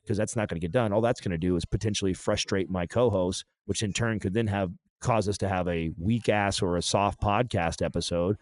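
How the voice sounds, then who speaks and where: A man's voice: fairly low pitch, darkish tone, no echo. A podcast co-host in his thirties talking candidly in a blunt, profane, emphatic way.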